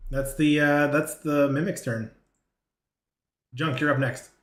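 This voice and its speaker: A man's voice: a little high, fairly even intonation, slow, fairly bright tone, echoey room. A man narrating a tabletop game as game master, hesitant and full of fillers and restarts.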